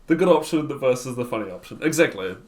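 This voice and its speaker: A man's voice: medium pitch, animated, fast talker. A man streaming a card game, thinking aloud in a wry, self-mocking, casual way. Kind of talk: casual gameplay commentary.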